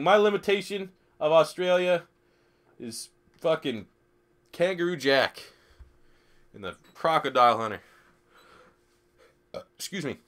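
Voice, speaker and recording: A man's voice: a little high, a bit bright. A young man live streaming a football video game, swearing freely, joking and reading chat questions aloud. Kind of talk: casual live stream commentary.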